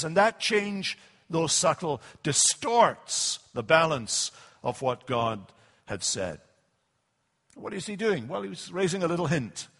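A male preacher delivering a sermon in a deliberate, emphatic way, slowing down to stress key phrases. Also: sits high, fairly bright tone, husky, in a large hall.

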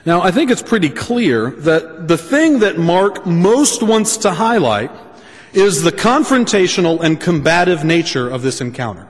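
A man preaching a sermon, speaking deliberately and restating his points for emphasis. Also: on the high side, lively intonation, in a large hall.

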